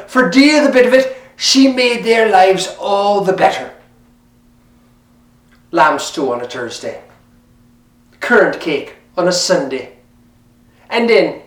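A man telling a folk tale in a lilting, conversational way, talking straight to the listener. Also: high voice. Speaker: storyteller. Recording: roomy, mic at a distance.

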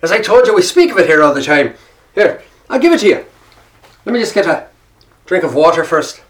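A man's voice: on the high side, expressive, unhurried, distant mic, voice pushed down. A man quoting a dry, teasing Irishman.

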